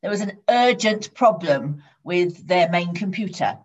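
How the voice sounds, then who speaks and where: A woman preaches a sermon with a steady, measured storytelling delivery. Her voice sits low for a woman. The recording is dull and lo-fi. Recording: dull lo-fi sound.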